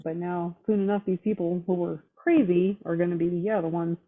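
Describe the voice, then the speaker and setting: A woman's voice: lowish voice, fairly even intonation, normal speed. A woman in casual chat, talking bluntly and with heavy profanity, fired up and determined. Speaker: roundtable guest. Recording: tinny phone-line audio.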